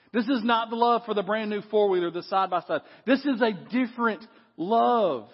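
A middle-aged man preaching a lively sermon in a church, dropping low for effect. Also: husky. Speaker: pastor. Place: church sanctuary. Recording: long hall reverb, dull lo-fi sound.

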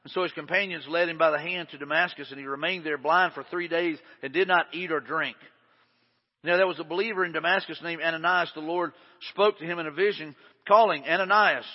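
High-voiced preacher in an echoing hall. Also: male voice, fairly even intonation, a little fast. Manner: emphatic, conversational, repeats himself. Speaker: pastor. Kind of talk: sermon. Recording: dull lo-fi sound with long hall reverb.

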